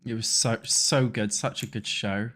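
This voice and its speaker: This young British YouTuber's voice is fairly low, bright and forceful, with fairly even intonation and a measured pace. Playing a building game, he narrates his thoughts casually as he builds, from England and chatting loosely with viewers. He wanders off topic and swears freely.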